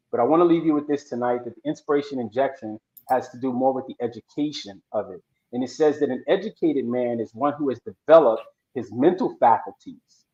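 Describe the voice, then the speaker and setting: Earnest man telling a fable, roomy lo-fi. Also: mid-range voice. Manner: casual, earnest, folksy retelling. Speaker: podcast co-host. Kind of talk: storytelling motivational talk. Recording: roomy, dull lo-fi audio.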